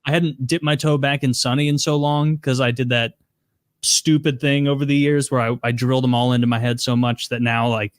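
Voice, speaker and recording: A man in his thirties co-hosting a casual podcast, joking and quick-talking. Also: medium pitch, little pitch movement, dry recording, studio quality. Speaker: podcast co-host.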